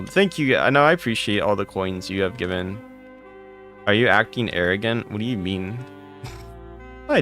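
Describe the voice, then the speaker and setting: A man with a fairly low, fairly bright voice streams a game live. He greets chat viewers by name one after another and answers their questions with blunt, sarcastic asides.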